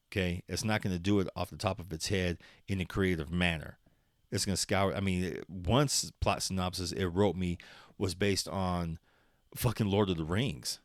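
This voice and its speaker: A man's voice: deep voice, no room sound, studio quality. A man hosting his own podcast, rambling in casual solo talk with lots of swearing and laughter, at times turning into a motivational pep talk. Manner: profane, rambling, laughs often. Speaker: podcast host.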